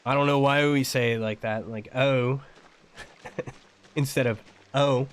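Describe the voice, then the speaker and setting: A man's voice: mid-range voice, steady tone, normal speed, smooth. An American man streaming a game and chatting casually, rambling and laughing often. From United States. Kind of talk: casual chat while gaming.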